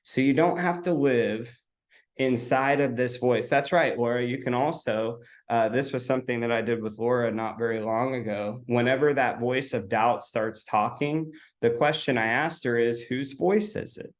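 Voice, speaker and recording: Man, motivational coach, direct and encouraging, mid-pitched voice. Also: normal speed. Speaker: coach and host. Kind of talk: motivational talk to real estate agents.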